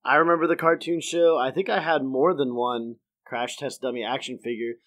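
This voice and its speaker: A man co-hosting a podcast in casual chat, tossing in quick quips and chuckling. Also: medium pitch, fairly even intonation, fairly bright tone. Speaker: podcast co-host.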